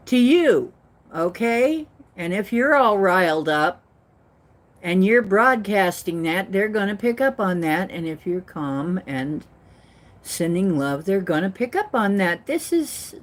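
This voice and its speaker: Female host, slow and low-pitched, earnest rambling spiritual storyteller. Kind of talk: casual spiritual talk.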